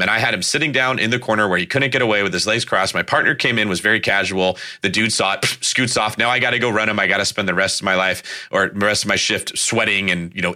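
A man with a low but very bright, sharp voice, talking quickly in a casual podcast chat. He is a former police officer who tells his stories with lively, animated detail. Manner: storytelling, animated anecdotes.

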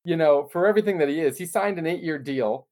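A man's voice: on the high side, fast talker, darkish tone. A man co-hosting a podcast who chats casually and slips in wry, joking asides. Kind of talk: casual sports talk.

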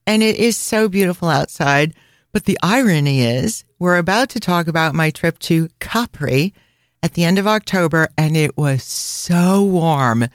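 A woman's voice: low-pitched, no echo. Woman podcast host, chatty and easygoing, reading listener reviews aloud over a dry close mic. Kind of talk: casual podcast chat.

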